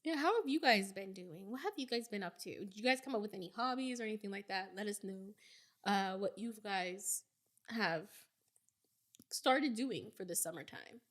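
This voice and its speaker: A young woman in her twenties chats her way through stories on a casual podcast, wandering from one point to the next. Her voice sits at an ordinary middle pitch. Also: expressive, moderate pace, fairly bright tone. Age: 20s. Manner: chatty, rambling storyteller. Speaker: podcast co-host. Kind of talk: casual chat.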